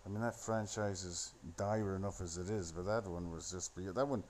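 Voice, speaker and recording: A man's voice: low voice, fairly even intonation, moderate pace, darkish tone. A man rambling into a phone, giving a sardonic, profane running commentary on a film. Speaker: solo commentator.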